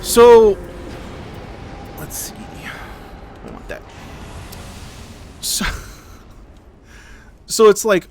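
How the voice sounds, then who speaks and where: A man's voice: sits high, wildly swooping pitch, very slow, vocal fry, long pauses, darkish tone. A man streaming a game, telling a long, rambling, profane story in casual chat. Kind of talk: casual storytelling while gaming.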